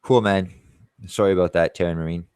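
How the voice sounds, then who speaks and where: Low-voiced, profane man. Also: steady tone, brisk, a little mellow, clear, resonant tone, dry recording, studio quality. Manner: profane, boastful, rambling. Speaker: tree-cutting contractor. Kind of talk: casual monologue vlog.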